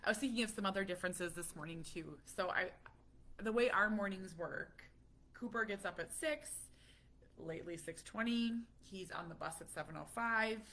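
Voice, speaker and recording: A woman talking casually to her viewers about her family, chatty and animated, a little stuffy from a cold. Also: mid-range voice, normal speed. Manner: chatty, animated, laughs often. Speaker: parent vlogger. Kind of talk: casual chat.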